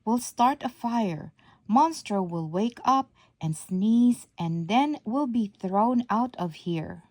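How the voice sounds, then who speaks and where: A woman's voice: mid-range voice, lively intonation, slow, a little mellow, no echo. A woman reading a storybook aloud, voicing a brave wooden puppet boy in an eager, determined tone.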